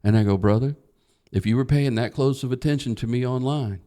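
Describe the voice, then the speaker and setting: A man in the guest seat of a comedy podcast spins a rowdy story, swearing freely and slipping into the voices of each person he quotes. His voice sits at an ordinary middle pitch. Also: a little fast. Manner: profane, animated storyteller who acts out quotes.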